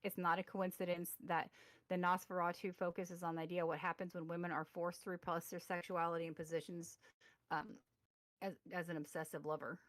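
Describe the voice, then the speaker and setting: A woman's voice: fairly low pitch, level tone, brisk, a bit bright, no room sound. A woman in her forties co-hosting a casual podcast over a remote mic, reading articles aloud and rambling with many fillers and restarts. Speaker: podcast co-host. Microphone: remote call mic.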